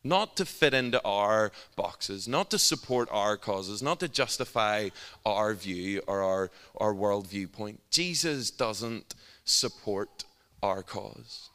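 A man with a Northern Irish accent preaching a sermon through a funny, animated personal story. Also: lowish voice, slow. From Northern Ireland. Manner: humorous and animated, often laughing at his own story. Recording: long hall reverb.

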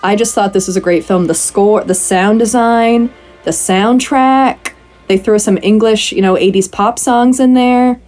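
A woman's voice: mid-range voice, a little slow, a little mellow, soft background music. A woman co-hosting a podcast, chatting casually and animatedly about films, acting out quotes and swearing freely. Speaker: podcast co-host. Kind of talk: casual film review chat.

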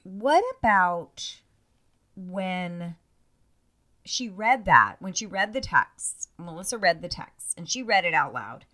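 A woman rants in a casual podcast chat, her bright voice swooping up and down as she mocks people in exaggerated voices. She swears freely and talks over a video call. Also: lowish voice, takes it slowly. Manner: animated, profane, mocking mimicry of cast members. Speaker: podcast co-host. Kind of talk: casual chat about reality TV.

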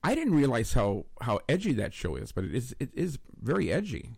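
A man's voice: medium pitch, huge pitch swings, a little fast, creaky, a little mellow, husky, no room sound, clean studio sound. A man hosting a casual talk show, rambling with many restarts and repeated words as he chats and introduces a guest. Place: studio in Los Angeles.

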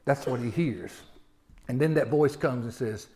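A man in his forties preaching a sermon, moving from quiet personal storytelling to loud, impassioned exhortation. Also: medium pitch, a little slow. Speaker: pastor.

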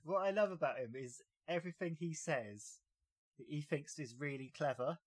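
A man's voice: fairly high pitch, normal speed, no room sound. Dry-humoured man hosting a podcast. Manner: recaps scenes with dry jokes. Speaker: podcast host. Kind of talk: casual fan podcast chat.

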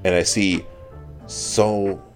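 A man's voice: sits low, steady tone, very slow, faint music behind. A young man co-hosting a podcast, telling a long rambling story full of swearing and acted-out quotes. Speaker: podcast co-host. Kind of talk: casual storytelling.

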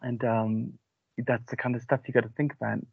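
A man's voice: mid-range voice, level tone, a little fast, creaky, breathy edge, no echo. Host, male, Cardiff Welsh accent, chatty rambling anecdotes, dead-dry muffled recording. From Cardiff, Wales. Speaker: podcast host. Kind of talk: casual interview chat. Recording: dull, lo-fi, dry sound.

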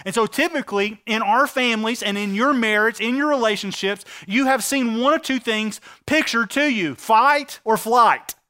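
Bright, clear-voiced male preacher. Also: extremely high pitch. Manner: earnest preaching with emphatic slowed phrases. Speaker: pastor. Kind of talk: sermon.

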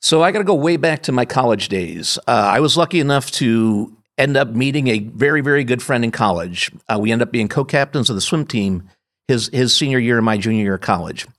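A man's voice: medium pitch, expressive, brisk, a bit bright. A man in his fifties, originally from upstate New York, talks as a podcast guest. He tells long stories about his career and family, full of fillers and restarts, in an ordinary mid-range voice. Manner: rambling anecdotes with frequent restarts and fillers. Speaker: guest, company founder. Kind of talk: conversational interview storytelling.

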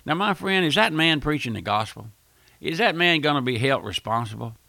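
Close and dry with no echo, this recording captures an older radio preacher whose voice is gravelly, forceful and fairly high in pitch. Preaching a fiery sermon at a fairly quick clip, he stays animated and folksy, repeating phrases and building to emphatic, forceful outbursts.

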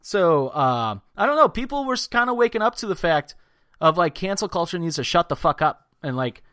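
Crude loud-mouthed man podcasting. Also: high-pitched, big pitch swings, fairly quick, dry recording, studio quality. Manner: loud, crude, swearing, breaks into mocking voices. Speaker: podcast co-host. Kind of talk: casual profane chat.

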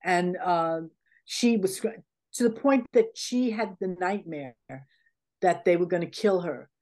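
This is a middle-aged woman from the United States with a lowish, darkish voice and a measured pace. As a guest on a casual interview, she tells heartfelt stories in a wandering way, leaning heavily on fillers like "you know."

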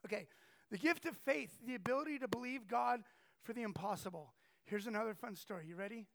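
High-pitched gravelly man preaching with stories. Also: a little fast. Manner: animated, acts out quoted people. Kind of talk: storytelling sermon.

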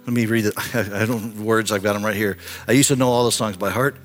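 A man in his sixties preaches a sermon in a church, telling a personal story with earnest emotion. He swings from impassioned, climbing lines to hushed, intimate appeals, with faint music underneath. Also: lowish voice, fairly even intonation, fast, few pauses. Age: 60s. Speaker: pastor. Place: church sanctuary.

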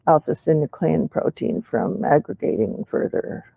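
A man talks in a casual chat with a husky, gravelly voice that comes from vocal cords which no longer close properly. He stops and restarts often, choosing careful clinical words. The sound is dry and dull, like a lo-fi recording. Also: a little high, lively intonation, no room sound. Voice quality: weak, poorly closing vocal cords. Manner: halting, with restarts and clinical terms. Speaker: participant in a patient discussion.

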